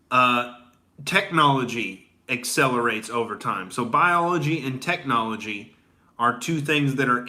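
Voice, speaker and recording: Bright-voiced man in a crude comedic rant. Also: mid-range voice. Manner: rambling, profane, heavy on filler words. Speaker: comedian host.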